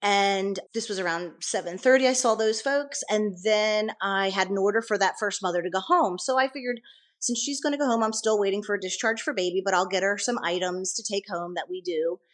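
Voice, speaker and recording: Speaking fairly quickly at medium pitch, a middle-aged woman who works as a nurse recounts her experience as an interview guest. The talk is conversational storytelling, earnest and detailed, with many restarts.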